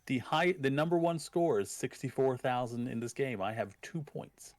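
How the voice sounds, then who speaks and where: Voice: medium pitch, expressive, moderate pace, a little mellow, dry recording. A gamer chatting casually with friends, playful and joking. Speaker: gaming friend. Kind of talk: casual gaming chat.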